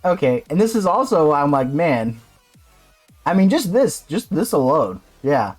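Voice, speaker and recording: A man streaming live, reacting to a game and swinging into loud mock rants. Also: fairly high pitch, big pitch swings, measured pace, slightly rough, soft background music.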